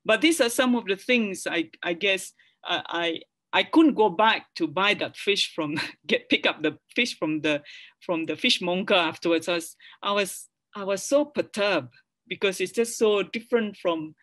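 Malaysian woman lecturer, halting, checking in. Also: medium pitch, a bit bright. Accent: Malaysian English. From Sarawak, Malaysia. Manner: frequent restarts and tag questions to the audience. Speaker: academic lecturer. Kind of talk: public lecture with slides.

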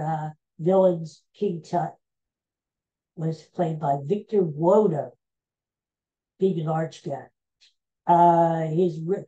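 A man's voice: sits high, dark tone, lo-fi sound. Rambling, hesitant man in his sixties. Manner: rambling, hesitant, many filler sounds. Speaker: podcast host. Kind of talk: casual chat.

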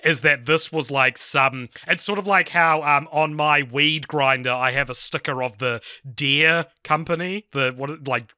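A man's voice: fairly high pitch, measured pace, hardly any pauses, pushed and bright, clear, resonant tone, dry recording, studio quality. A man co-hosting a film podcast in casual, rambling talk full of fillers. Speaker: podcast co-host.

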